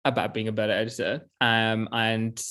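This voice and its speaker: A man's voice: fairly low pitch, flat delivery, normal speed, sharp tone. Earnest young man in a video chat. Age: 20s. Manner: earnest, often laughing and restarting. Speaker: author. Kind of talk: casual interview chat.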